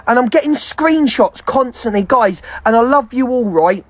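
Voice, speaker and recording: A woman's voice: on the high side, lively intonation, no echo. A woman on a live stream, venting in a heated, profane rant. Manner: heavy swearing, fast heated ranting.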